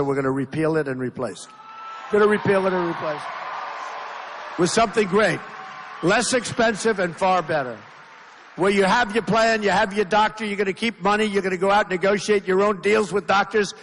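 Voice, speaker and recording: Rambling male candidate in echoing hall. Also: high-pitched. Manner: rambling, repetitive, emphatic. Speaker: political candidate. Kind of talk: campaign rally speech. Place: large rally venue. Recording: long reverb of a big hall.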